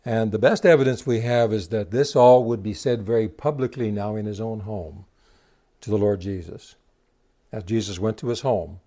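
A man preaches a sermon in a mellow, warm voice. He retells the scripture story with quoted dialogue. He keeps putting rhetorical questions to the congregation. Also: lowish voice, moderate pace.

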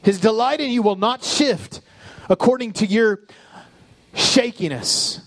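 A male pastor preaching a sermon with passion, building up and then dropping into soft, low asides. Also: a little slow, dry recording. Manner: impassioned preaching with sudden soft, low drops.

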